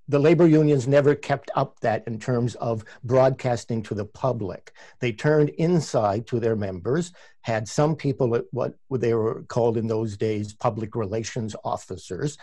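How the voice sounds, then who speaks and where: Canadian man, mellow and thoughtful. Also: mid-range voice, a little slow, no room sound. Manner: thoughtful, frequent restarts and self-corrections. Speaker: labour radio producer and podcast guest. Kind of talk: conversational interview answers.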